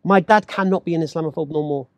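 Man, casual storytelling, fast, dry recording. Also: fairly high pitch, creaky, no echo. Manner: animated, acts out quoted voices, laughs while talking.

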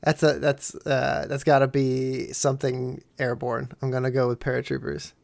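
A man co-hosting a podcast in casual chat, slow-talking and laughing often. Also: mid-range voice, level tone, vocal fry, darkish tone, dry recording. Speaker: podcast co-host.

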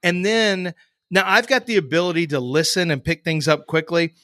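Chatty guy cohosting a podcast, bright kinda sharp voice, rambles a bit. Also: fairly high pitch, moderate pace, no room sound, clean studio sound. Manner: chatty storyteller, trails off and restarts. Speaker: podcast co-host. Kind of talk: casual chat.

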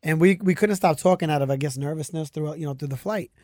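A man with a slightly high voice tells a story in casual chat and slips into the voices of the people in it. The sound is dry and close. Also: quick pace, no room sound. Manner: animated, acts out the people in his story. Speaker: guest telling a story.

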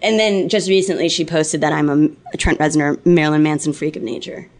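A woman's voice: low-pitched, fairly quick. A woman from Los Angeles, a podcast guest, telling a story with lots of swearing. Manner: profane, animated anecdote telling. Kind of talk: casual storytelling.

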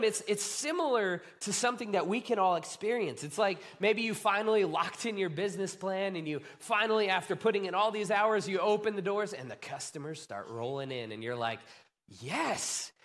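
A man preaching a sermon, retelling a story with animated, acted-out excitement. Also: high-pitched, fairly quick, hardly any pauses. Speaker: pastor.

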